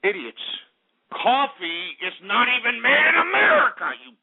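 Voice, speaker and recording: A man's voice: very high voice, wildly swooping pitch, normal speed, creaky, slightly rough. A man hosting a talk-radio show, ranting sarcastically and profanely about commodity prices. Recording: phone-like radio broadcast.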